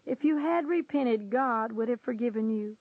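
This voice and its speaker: A woman's voice: on the high side, moderate pace, dry recording. Solemn woman reading over a tinny line. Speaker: narrator reading a testimony. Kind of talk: solemn scripted narration. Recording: tinny phone-like sound.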